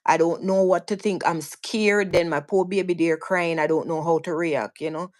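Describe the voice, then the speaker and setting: A Jamaican-accented woman, guesting on a live stream, tells her own story casually in a steady, slightly mellow voice on the low side at normal speed. She comes across earnest and vivid, often restarting and repeating words.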